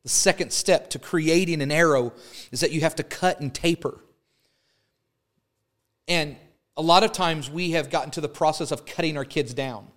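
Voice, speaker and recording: Male pastor, sermon delivery, emphatic repetition, a touch higher-pitched than most men. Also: moderate pace, long pauses, a bit bright. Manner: preaching with rising emphatic repetition; holds up an arrow as a prop.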